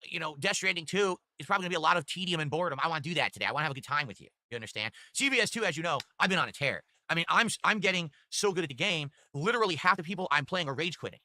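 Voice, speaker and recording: Brief: male streamer, quick and sharp-toned, profane rambling thank-yous, dry close desktop mic. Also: fairly high pitch, no room sound. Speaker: livestreamer. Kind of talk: casual stream chat reading donations. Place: his home streaming room. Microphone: desktop USB mic.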